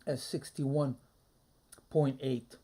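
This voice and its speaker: A man streaming a live trading session, muttering his thoughts aloud in a low-key, halting way. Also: flat delivery, mellow. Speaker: day trader streaming a live trading room. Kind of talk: casual live market commentary.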